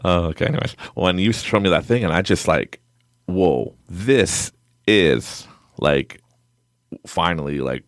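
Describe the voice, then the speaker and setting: A man hosting a podcast in casual interview chat, a rambling, animated storyteller who laughs often. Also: low voice, unhurried, dry recording, studio quality. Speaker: podcast host.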